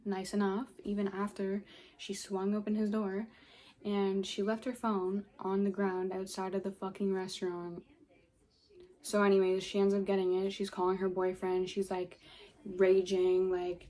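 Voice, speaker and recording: Young woman vlogger, casual storytime, profane, exasperated, warm mellow tone. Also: mid-range voice, monotone, normal speed. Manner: profane, filler-heavy, exasperated.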